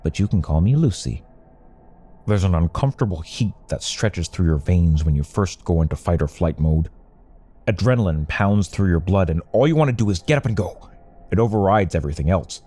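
A young man tells a first-person story in a wry, conversational manner. His voice sits low and mellow. His pitch moves in lively swings as he narrates. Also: fairly quick.

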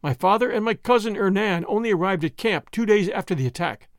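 Marie, a grieving young Boer woman, soft and earnest, read by a man in a bright, close, dry audiobook voice. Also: high voice, lively intonation, a little fast, dry recording. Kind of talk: audiobook reading.

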